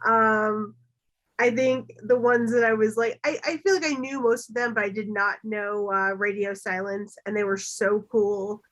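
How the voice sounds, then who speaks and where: A woman's voice: medium pitch, steady tone, moderate pace, fairly bright tone. A woman who directed an awards show speaks as a podcast guest, earnest and slightly rambling. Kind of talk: casual interview chat.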